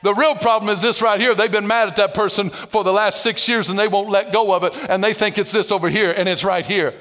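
A man preaching a lively, conversational sermon as a pastor, acting out biblical dialogue with playful sarcasm and humor. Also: high voice, a little fast.

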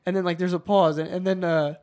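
A man's voice: sits high, fast talker. A man hosting a podcast, telling funny stories with lots of laughter and swearing. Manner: excited, laughing, profane storytelling. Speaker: podcast host. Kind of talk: casual chat, storytelling.

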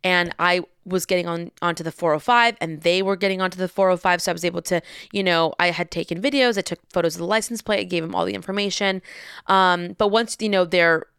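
A young woman telling a story in a lively, casual way, acting out the people in it and swearing freely. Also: lowish voice, fast, gravelly, clean tone, dry recording, clean studio sound. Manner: animated, acts out voices, swears freely.

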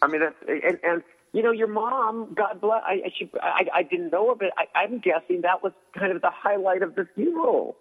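A man's voice: high-pitched, moderate pace, slightly rough. A man co-hosting a casual radio talk show, amused and stumbling over his words as he reacts to a guest. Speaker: co-host. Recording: dull, hall-like radio sound.

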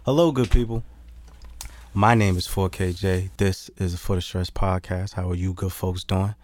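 Deep-voiced laid-back podcast host. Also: male voice, completely flat delivery, no room sound. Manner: loose, joking, rattles off plugs quickly. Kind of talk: casual podcast chat. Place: recording studio.

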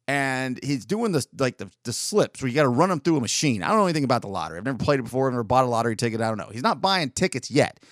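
Male podcast host, mid-pitched, rambling self-correcting delivery, dry close mic. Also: sing-song, rapid-fire, few pauses, dry recording. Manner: rambling, self-correcting, profane when retelling. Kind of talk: casual storytelling monologue.

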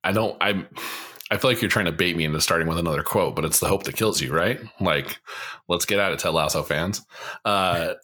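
A man's voice: low-pitched, fairly quick, bright, forceful tone. A man on a podcast panel, teasing and joking in casual chat.

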